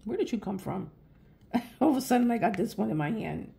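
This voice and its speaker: A middle-aged woman chats casually while working on an art project for her own channel, rambling from one story to the next. Her medium-pitched voice is warm and husky with vocal fry, and she speaks in an animated, brisk way.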